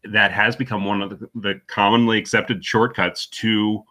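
A man chatting on a podcast with a low-set, bright voice, laughing often as he talks. He keeps it casual and loose, tossing in quick asides. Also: level tone. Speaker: podcast co-host. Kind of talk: casual chat.

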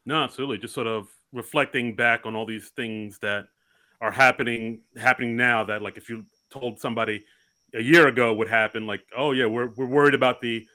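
Podcast co-host, male, eager and upbeat, bright tone. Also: mid-range voice, a little fast. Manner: enthusiastic, excitable. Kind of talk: casual chat.

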